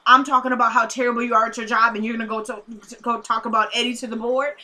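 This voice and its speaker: A woman acting out a stern woman boss who accuses in a brisk, clipped tone. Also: fairly high pitch, level tone, bright, forceful tone. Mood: scolding.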